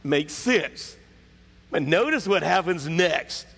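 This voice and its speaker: A male pastor preaches in an emphatic, conversational way, often turning to question his congregation. His voice sits a little high. A long hall reverb trails each phrase in the church sanctuary. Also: lively intonation, takes it slowly, vocal fry, fairly bright tone, slightly rough. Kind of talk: sermon.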